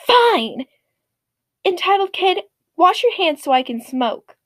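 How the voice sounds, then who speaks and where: A woman playing a rude, entitled mother who talks down to others in a sharp, condescending way. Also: very high-pitched, big pitch swings, slow pace, no room sound, voice pushed up, full character voice. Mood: haughty.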